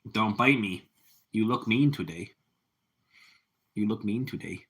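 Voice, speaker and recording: A man's voice: on the low side, a little slow, fairly bright tone. A man hosting a casual live stream, rambling easily as he chats with viewers and his cat. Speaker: livestream host.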